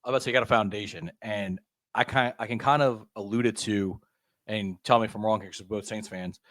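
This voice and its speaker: A man's voice: lowish voice, fairly even intonation, fast talker, a bit bright, dry recording, clean studio sound. A man co-hosting a casual sports podcast, talking conversationally and asking long, probing questions. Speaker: podcast co-host.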